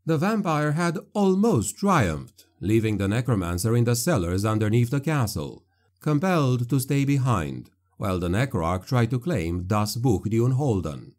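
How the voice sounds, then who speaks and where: Grave, low-voiced male audiobook narrator. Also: animated, normal speed, darkish tone. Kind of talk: scripted dark fantasy narration.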